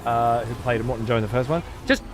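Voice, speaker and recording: A man's voice: medium pitch, fast talker, background noise. A man streaming a game, chatting casually and rambling through strong, profane opinions. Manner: opinionated, rambling, swears a lot. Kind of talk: casual gaming stream chat.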